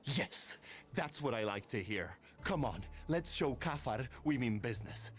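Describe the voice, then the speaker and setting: A man's voice: mid-range voice, animated, a little slow, close to an everyday voice. A man voicing a swaggering gang boss. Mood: scheming. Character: gruff, loyal middle-aged male gang boss. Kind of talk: video game voice acting.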